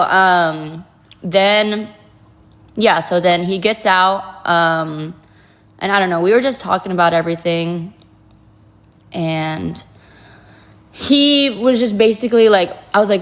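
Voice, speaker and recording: A woman's voice: fairly low pitch, measured pace. A young woman tells a personal story in a loose, confessional way. Her speech is restless and emotional, packed with "like" and restarts. She sounds like a guest talking openly about something that shook her. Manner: heavy use of "like", emotional and restless. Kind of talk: casual confessional account.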